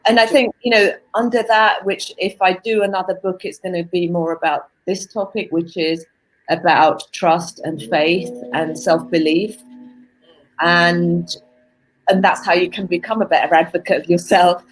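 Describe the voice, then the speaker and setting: A woman guest on a casual video-call interview, an author and artist coach who talks thoughtfully and pauses to find her words. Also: fairly low pitch, fairly even intonation, low-quality recording. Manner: thoughtful, searches for words, restarts.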